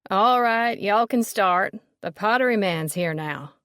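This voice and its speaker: A woman voicing a portly, pompous older man, a leering collector who talks in a loud, brassy drawl. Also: on the low side, moderate pace, dry recording, clean studio sound, natural voice. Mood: brash, leering. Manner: boastful, overfamiliar. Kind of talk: audiobook character reading.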